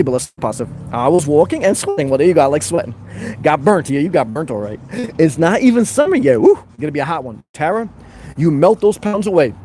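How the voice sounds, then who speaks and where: Rapid-fire jokey man, brash livestream host. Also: fairly high pitch, darkish tone, a little hiss or hum. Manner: brash, jokey, rambling, with crude humor; talks to viewers as brother and guys. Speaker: livestream host reading viewer comments. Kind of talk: casual live chat.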